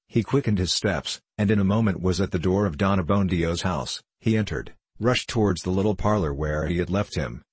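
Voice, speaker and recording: Male audiobook narrator, very low and husky, measured storytelling. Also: no echo. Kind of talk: audiobook narration of a classic novel.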